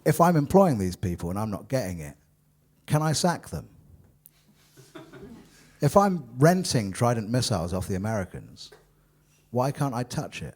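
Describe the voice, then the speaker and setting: Rambling self-mocking comedian. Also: male voice, mid-range voice, sing-song, normal speed, long pauses, a little mellow. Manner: rambling and self-mocking, full of ums and apologies. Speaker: comedian and musician. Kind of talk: live stand-up monologue between songs. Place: live venue with an audience.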